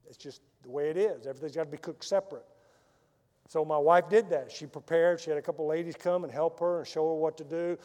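Male missionary preacher, fairly high voice, dramatic storyteller, large church hall with long echo. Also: fast talker. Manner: dramatic storyteller, swinging from loud emphasis to hushed soft lines. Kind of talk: sermon with personal storytelling.

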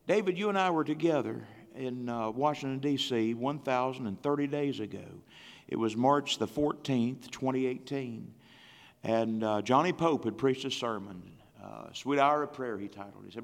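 An older man preaching a sermon in a church, with impassioned delivery and slow, drawn-out emphasis when reading scripture aloud. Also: mid-range voice, gravelly. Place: church sanctuary. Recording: long church hall reverb.

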